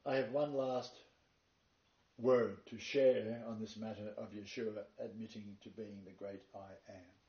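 A man's voice: lowish voice, little pitch movement, a little slow, dark tone. Man preaching in an echoey hall. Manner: reads long quotations, then emphatic preaching. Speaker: Bible teacher. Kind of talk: sermon-style lecture. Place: meeting room with a live congregation. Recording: dull, echoey, far-off room recording.

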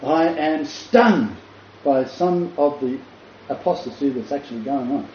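A man's voice: mid-range voice, measured pace, darkish tone. An older man in ministry gives an emphatic, casual teaching talk, repeating key phrases and stumbling over fillers. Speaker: Christian ministry leader. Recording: roomy lo-fi recording with faint noise.

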